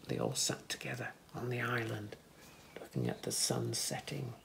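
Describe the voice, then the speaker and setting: A man reading a children's picture book aloud, gently pointing things out to young listeners in soft asides and lifting his voice for the animals' lines. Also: mid-range voice, huge pitch swings, normal speed, vocal fry, a little hiss or hum. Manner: lifts voice for animal speech without distinct characters. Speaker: children's story reader.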